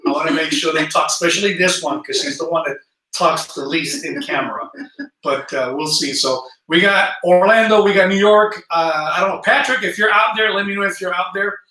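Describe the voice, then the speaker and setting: A man's voice: high-pitched, a little fast, sharp tone, reverberant, far from the mic, poor audio. A man with a South Jersey accent hosting a casual travel livestream, chatty and friendly, greeting viewers and reading their comments. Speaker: travel channel host. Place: indoor room at home.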